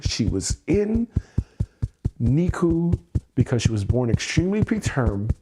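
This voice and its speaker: Husky, exasperated man venting late at night. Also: big pitch swings, a little slow, warm tone. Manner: angry, swearing, exasperated; keeping his voice low so as not to wake someone. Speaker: livestream host. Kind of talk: emotional livestream venting. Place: home at night.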